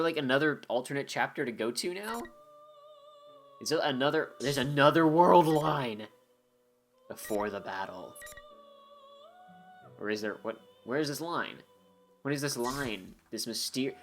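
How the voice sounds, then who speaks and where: Joking man reading game text aloud. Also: mid-range voice. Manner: joking, sarcastic, rambling asides. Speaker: gameplay commentator. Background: faint game music.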